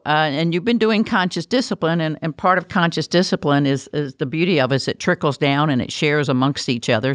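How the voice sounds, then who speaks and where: A woman's voice: low voice, dry recording. A woman interviewing a guest, asking questions and reflecting on the answers with enthusiasm.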